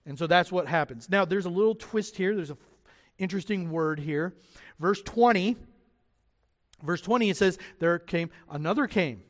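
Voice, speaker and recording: A man preaching a sermon as pastor, animated and lively, acting out the voices of the people he quotes. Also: high voice, moderate pace, big-room sound. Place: church sanctuary.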